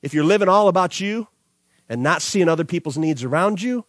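A man's voice: sits high, fairly quick, no room sound, studio quality. A man preaching a sermon to young people, telling a personal story with acted-out dialogue and closing in prayer. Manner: storytelling, animated, acts out dialogue. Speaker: pastor.

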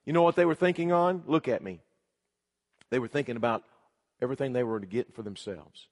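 A man's voice: medium pitch, lively intonation, brisk, pauses often. A man preaching a sermon, retelling a story with repeated "he said" and then making urgent, direct appeals to the listeners. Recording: long reverb of a large hall.

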